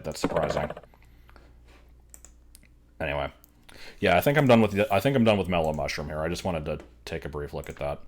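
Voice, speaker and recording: Low-voiced, dry-talking male streamer. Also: background noise. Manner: dry, offhand, rambling. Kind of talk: casual live-stream commentary.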